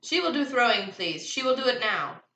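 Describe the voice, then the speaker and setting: Storybook fortune teller: grand, booming, put-on accent, voiced by a woman reader. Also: very animated, moderate pace, bright, forceful tone, echoey room, slight background noise, full character voice, rough recording.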